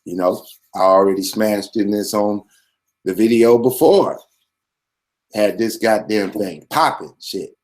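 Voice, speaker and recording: A man's voice: lowish voice, unhurried, pauses often, a little mellow. A man hosting his own channel, giving a blunt, profane, streetwise commentary monologue with a preachy swagger.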